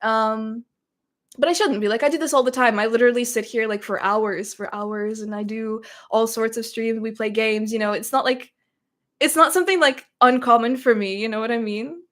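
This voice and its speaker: A woman's voice: on the high side, moderate pace, fairly bright tone. A woman from Russia hosting a casual livestream Q&A, chatting a little nervously as she reads viewer comments aloud and answers them. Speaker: streamer hosting a Q&A.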